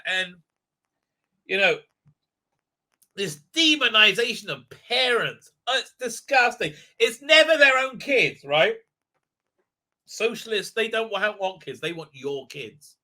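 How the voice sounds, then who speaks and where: Sarcastic man with a sharp high voice. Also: expressive. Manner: sarcastic, halting, heavy filler words. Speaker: TV episode reviewer. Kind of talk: rambling spoken review.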